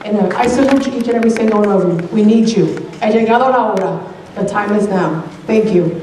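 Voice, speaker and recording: A woman's voice: mid-range voice, fast talker. A woman in her forties from Springfield, an Army officer and combat veteran, giving an earnest, emphatic gala speech. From Springfield, Massachusetts, USA. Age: 40s. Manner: earnest, emphatic, repeats phrases for weight. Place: large banquet hall. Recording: echoey hall, voice from far off, faint noise.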